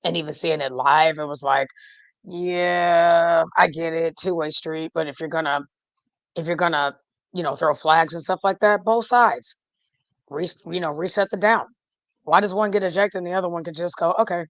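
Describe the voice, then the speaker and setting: A lowish-voiced woman, talking football in a loose, rambling way. She laughs often and drifts off mid-sentence. Her voice sits close and dry, with no room sound around it. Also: a little fast, dry recording. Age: 40s. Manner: chatty and animated, laughs often, trails off. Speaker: podcast guest. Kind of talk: casual fan chat.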